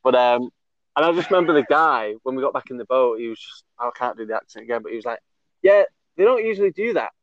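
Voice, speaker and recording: A man's voice: mid-range voice, steady tone, quick pace, fairly bright tone, dry recording. A man hosting a casual chat, rambling through a story with fillers, swearing and frequent laughs. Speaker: podcast host. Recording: dull lo-fi recording.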